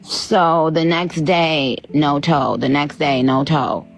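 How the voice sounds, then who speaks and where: Very low, gravelly-voiced woman interviewer. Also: steady tone, takes it slowly, soft background music, low-quality recording. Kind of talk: probing interview.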